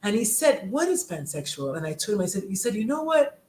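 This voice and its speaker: A woman's voice: medium pitch, big pitch swings, quick pace, darkish tone, roomy sound, low-quality recording. A woman hosting a podcast, effusive and chatty, acting out quoted dialogue as she tells stories. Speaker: podcast host, gender and sexuality coach. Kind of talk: casual podcast conversation.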